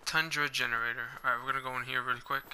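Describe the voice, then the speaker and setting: A young man giving casual, excitable commentary while playing a video game, now and then squeaking out high-pitched "pew pew" gun noises. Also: racing, clear, resonant tone. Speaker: gaming video host. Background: game music.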